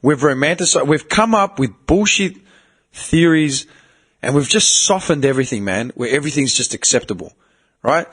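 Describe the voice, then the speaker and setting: A young man hosting a podcast, talking in a casual, animated, swearing way and mimicking other people in quoted voices. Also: a little high, normal speed, breathy edge. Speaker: podcast host.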